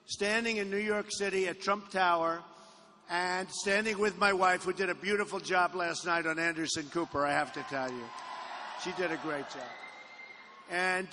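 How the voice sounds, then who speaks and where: A presidential candidate speaks at a campaign rally in an aircraft hangar full of people, boastful and rambling, repeating phrases often. His voice is high, pushed and bright, with fairly even intonation and a moderate pace, and the hangar echoes over faint background noise.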